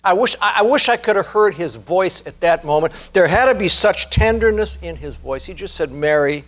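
Male preacher, high-pitched, earnest sermon delivery that slows and swells for emphasis. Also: expressive, a bit bright. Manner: earnest, rising to fervent emphasis, slows to stress key words. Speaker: pastor.

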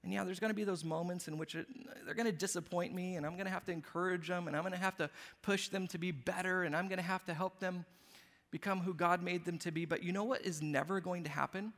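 A man preaching a sermon as a pastor, earnest and emphatic, often dropping to a hushed, tender tone. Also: sits high, steady tone, quick pace, big-room sound.

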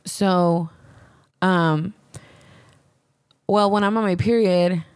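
A woman's voice: fairly low pitch, fairly even intonation, very slow, clear, resonant tone, dry recording, studio quality. A young woman hosting a candid podcast, telling a story in a chatty, profane way, full of "like" and acted-out quotes. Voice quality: frank and profane. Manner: chatty, heavy on "like", acts out quotes. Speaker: podcast host.

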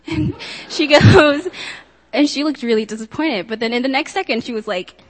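A woman's voice: a little high, unhurried. Young woman telling her church story, chatty, lots of ums and likes, reverby hall. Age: young adult. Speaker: student giving a testimony. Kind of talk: personal testimony to a church group.

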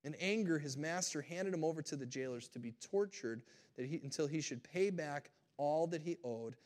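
High-voiced pastor preaching with animated storytelling. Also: male voice, normal speed. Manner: animated storytelling, talks straight to the congregation. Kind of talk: sermon.

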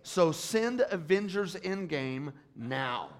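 A man preaching a sermon as pastor, calling out to the congregation and swinging between hushed asides and loud, rising appeals. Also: a little high, animated, slow pace.

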